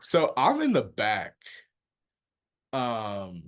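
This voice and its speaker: A man co-hosting a podcast, telling funny stories in a lively, animated way. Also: fairly low pitch, very slow. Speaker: podcast co-host. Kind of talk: casual chat, storytelling.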